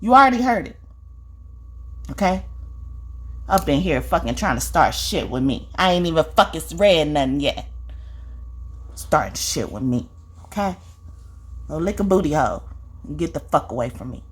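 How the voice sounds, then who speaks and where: This confrontational spiritual vlog features a woman reader who addresses the viewer directly, profane and scolding, repeating herself and tacking "okay?" onto her points. She speaks low with a breathy edge and big pitch swings, at normal speed and pausing often.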